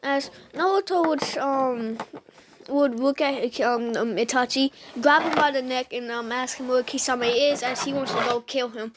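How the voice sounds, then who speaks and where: A woman's voice: sits high, a little slow, noisy background. A woman casually retelling a fan story to her viewers, hesitant and full of "um"s and restarts, chatting straight at the audience.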